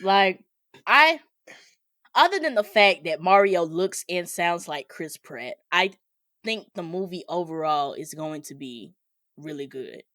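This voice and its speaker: A woman's voice: lowish voice, animated, measured pace, a bit bright, no echo, clean studio sound. A woman co-hosting a podcast, chatting casually about movie trailers, laughing often and filling her talk with "like". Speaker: podcast co-host.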